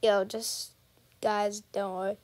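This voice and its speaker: A woman's voice: mid-range voice, level tone, takes it slowly. A woman giving playful, casual commentary on her game stream and chatting to her viewers. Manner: playful, keeps addressing viewers as guys. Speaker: gaming streamer.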